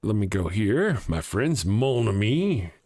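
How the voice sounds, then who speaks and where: A man's voice: fairly low pitch, slow pace. Joking man hosting a livestream. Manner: joking, chuckles often, animated. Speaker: host of a live morning show. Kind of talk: casual livestream chat reading viewer comments.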